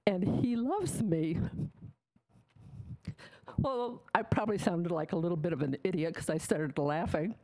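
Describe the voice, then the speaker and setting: A woman's voice: fairly low pitch, a little slow, pauses often, darkish tone, poor audio. A woman giving a candid, plainspoken personal faith testimony to an audience, emotional at times. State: tearful. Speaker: testimony speaker.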